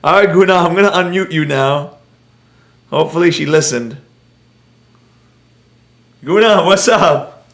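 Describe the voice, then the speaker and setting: Male livestream host, bright and animated, roomy echo. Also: fairly high pitch, measured pace, gravelly, long pauses. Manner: animated, joking, addresses chat viewers by name. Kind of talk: casual livestream Q&A.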